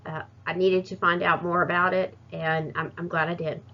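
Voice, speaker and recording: A woman's voice: fairly low pitch, level tone, normal speed. Hesitant woman presenting. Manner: hesitant, many fillers and restarts. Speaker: student presenter. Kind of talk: recorded class presentation. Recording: muffled lo-fi recording.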